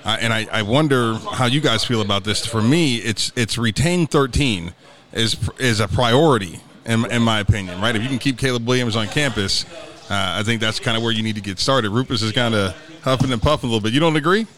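A man hosts a podcast recorded live at a restaurant. He asks questions with fillers and restarts and backs up his guests with quick affirmations. His pitch sits in an ordinary middle range. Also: a bit bright. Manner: affirming interjections, hesitant with fillers. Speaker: podcast host. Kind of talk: casual podcast hosting.

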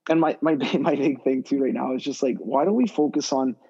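A fast-talking man rattles on in a loose, rambling way, piling up fillers and restarts as he makes his point. His voice is dark and a bit husky, and it comes through a dull, lo-fi remote recording. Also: medium pitch. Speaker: guest skill development coach. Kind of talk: casual podcast conversation.

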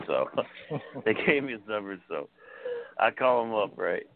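A man telling a story in an animated way, chuckling between lines. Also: lowish voice, slow pace, vocal fry, dry recording. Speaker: guest storyteller. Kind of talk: casual storytelling. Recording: tinny phone-like sound.

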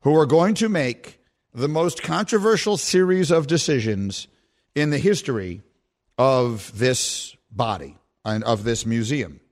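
A man's voice: medium pitch, animated, measured pace. A man hosting a sports talk radio show, teasing and incredulous as he banters with his co-hosts.

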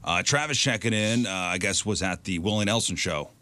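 A man's voice: lowish voice, fairly quick, slight background noise. A man hosting a casual podcast chat, jokey and leading the conversation. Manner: animated, jokey, leads the talk. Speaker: host.

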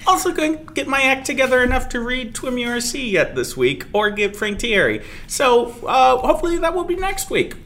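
Self-deprecating woman podcast host, bright voice. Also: high-pitched, sing-song, normal speed, few pauses. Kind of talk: casual chat.

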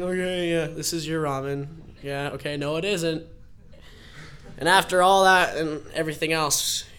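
A young man telling a rambling, laughing personal story at a live storytelling event. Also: medium pitch. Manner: rambling, laughing, animated retelling.

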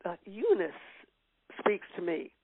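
A woman's voice: medium pitch, very animated, takes it slowly. An older woman as an interview guest, reminiscing in casual chat with frequent fillers and laughs. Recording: tinny phone-line sound.

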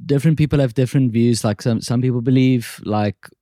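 A man's voice: medium pitch, a little fast, mellow, dry recording, studio quality. A male podcast host from South Africa who asks probing questions with frequent hesitations. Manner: probing, hesitant, restarts often. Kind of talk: casual interview.

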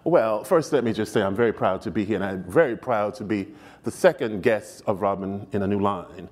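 A man's voice: on the low side, brisk, a little mellow. An older man as a guest in a stage interview, speaking in a gracious, expansive and emphatic way as he tells stories.

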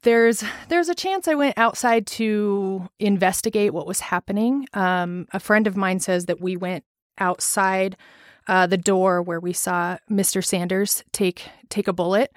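A woman in her thirties from Colorado, a teacher slowly recalling events in an interview with frequent pauses. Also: medium pitch, no echo, studio quality. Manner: halting, reflective, with many pauses and fillers. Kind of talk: personal recollection in an interview.

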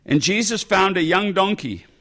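A man preaching a sermon in a conversational, animated way, breaking into exclamations as he reads and explains a passage. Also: sits high, normal speed. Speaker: pastor.

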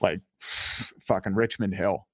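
A man's voice: low voice, fairly even intonation, slow pace, no echo, clean studio sound. A man with a Canadian accent, co-hosting a casual podcast, rambling with lots of fillers and swearing. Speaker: podcast co-host. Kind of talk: casual profane banter.

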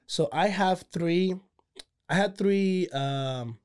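A man, excitedly telling a story in casual chat, repeating words and restarting. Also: sits high, slow pace, smooth. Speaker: pedicab driver telling a story.

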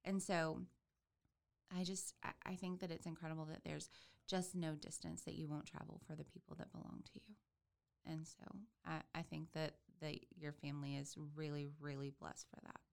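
Woman, podcast host, gravelly low voice, halting and affirming. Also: little pitch movement. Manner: warm, affirming, many fillers and restarts. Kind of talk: casual interview chat.

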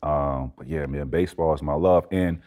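A man in his forties, a guest in a casual interview, telling stories in a lively way with frequent laughter. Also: very deep voice, normal speed. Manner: animated, laughing storyteller.

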